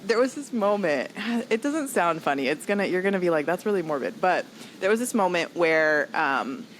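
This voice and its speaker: A woman comedian telling a personal story in a podcast interview, animated and acting out other people's lines as she goes. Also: on the low side, normal speed, slight background noise, rough recording. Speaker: comedian guest.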